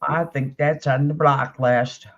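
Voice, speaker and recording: A livestream co-host in a casual panel chat, speaking hesitantly with pauses and fillers. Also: mid-range voice, steady tone, fairly bright tone, husky, lo-fi sound.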